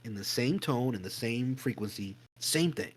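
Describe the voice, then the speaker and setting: A man co-hosting a podcast, telling a spooky story in a casual, animated way, swearing freely and acting out voices and sounds. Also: mid-range voice, normal speed, breathy edge, rough recording. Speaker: podcast co-host.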